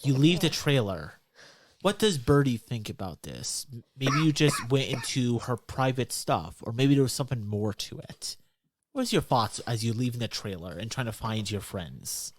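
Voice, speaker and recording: Chatty game master with a lively pitch. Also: moderate pace, a little hiss or hum. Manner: chatty, filler-heavy narration. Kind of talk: narrating a tabletop game.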